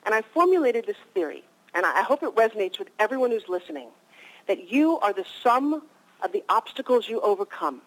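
A woman's voice: mid-range voice, very animated, fairly quick, low-quality recording. A woman in her fifties, a guest on a radio interview, telling stories with energy and animation.

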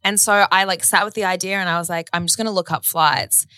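A woman from Australia, co-hosting a podcast and telling stories in a chatty, animated way. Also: on the low side, fast talker, no room sound. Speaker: podcast co-host. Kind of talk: casual chat.

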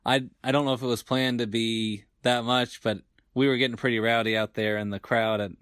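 Easygoing podcast co-host, halting. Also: male voice, medium pitch, clean tone, dry recording, studio quality. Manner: relaxed, halting with fillers. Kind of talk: casual sports podcast chat.

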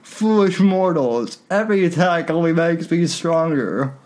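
A man's voice: on the high side, expressive, measured pace, darkish tone. A man voicing a cackling, gloating male villain politician with theatrical taunts.

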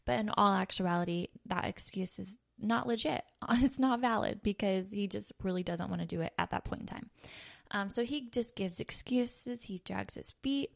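A woman's voice: medium pitch, normal speed, gravelly. A woman in her thirties giving a casual, earnest devotional talk with many fillers. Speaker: podcast host. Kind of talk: conversational devotional teaching.

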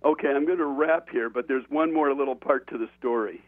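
A man's voice: mid-range voice, a little fast, no echo. Man telling a story over a tinny phone line. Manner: animated conversational storyteller. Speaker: author and guest. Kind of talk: casual anecdote telling.

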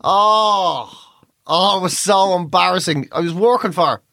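A man's voice: sits high, measured pace, gravelly, no room sound, clean studio sound. Profane Irish man telling stories. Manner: profane, animated storytelling. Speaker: comedian and podcast co-host. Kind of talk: casual chat.

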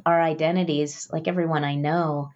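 A middle-aged woman answers thoughtfully in a measured way. Her voice is unusually low, and the recording sounds dull and muffled. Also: level tone, a little mellow. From United States. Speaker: guest author. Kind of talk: reflective interview talk.

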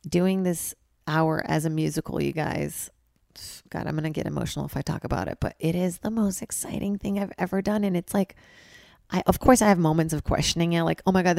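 A young woman hosting a solo podcast from a hotel room, talking loosely and rambling, mocking herself and jumping into loud, high bits. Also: vocal fry, no room sound, clean studio sound. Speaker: podcast host. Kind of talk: casual solo podcast chat. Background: ice machine outside.

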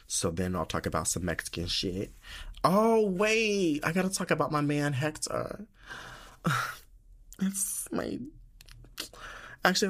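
A young man hosting his own podcast in casual solo chat, sassy and dramatic, talking loosely and jumping into high squeals when he gets emotional. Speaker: podcast host.

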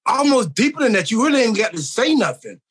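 High-voiced rambling man. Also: very animated, quick pace, fairly bright tone, slightly rough. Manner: rambling, slangy, earnest. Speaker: podcast guest. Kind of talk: casual chat.

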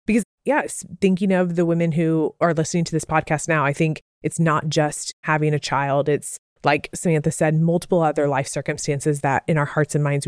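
A woman's voice: deep voice, darkish tone, no echo, studio quality. A woman co-hosting a podcast, asking thoughtful, searching questions in a rambling way. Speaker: podcast co-host. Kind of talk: interview questions.

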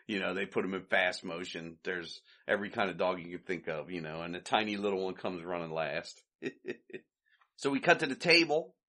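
A man's voice: low voice, lively intonation, brisk, pushed and bright. A man hosting a podcast, casually retelling an old comedy short, chatty and loose, and he chuckles often. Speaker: podcast host.

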